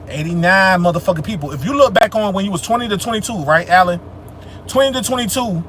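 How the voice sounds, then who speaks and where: A young man with a high, bright, forceful voice fields viewer questions on a livestream. He talks loose and profane, slips into street slang, and turns emphatic and preachy when he makes a point. A faint hum of traffic sits low behind him. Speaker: livestream host answering chat. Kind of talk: casual spiritual livestream Q&A.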